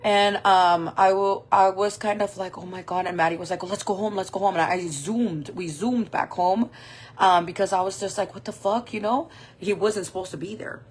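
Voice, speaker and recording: A makeup vlogger in her forties tells a personal story while doing her makeup, animated, swearing freely, and acting out what people said. Her voice is mid-range at normal speed, with a little hiss or hum in the recording.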